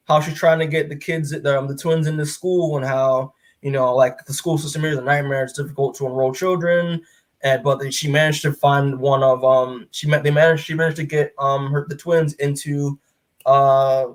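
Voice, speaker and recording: Rambling man recapping comics, full of fillers. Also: mid-range voice. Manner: rambling, lots of fillers and restarts; retells scenes with quick put-on quotes. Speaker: podcast co-host. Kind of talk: casual comic book review chat.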